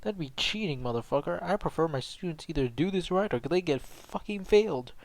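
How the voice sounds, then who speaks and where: A man's voice: fairly high pitch, expressive, brisk, pitched above the performer's own voice. A man voicing a foul-mouthed, angry young male ninja teacher who talks bluntly and aggressively.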